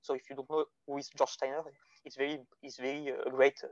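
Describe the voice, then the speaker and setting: A man from France with a French accent, speaking English as a second language as a podcast guest in a casual philosophical discussion, halting as he searches for words. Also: mid-range voice, level tone, darkish tone, no echo. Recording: dull lo-fi audio.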